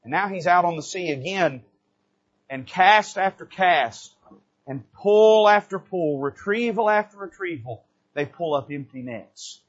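A male pastor with a high, slightly husky voice delivers a sermon from the pulpit. He drops to quiet, low asides and then climbs to loud, emphatic peaks. The recording is dull and lo-fi, like an old church tape. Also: expressive, measured pace. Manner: dramatic preaching, swings from soft low asides to loud emphatic rises.

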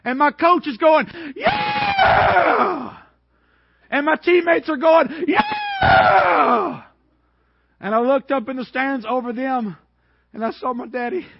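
A male preacher from Georgia telling a story in a sermon, animated and building to shouted peaks, on a worn microphone. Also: very high-pitched, moderate pace, no echo, highs cut off.

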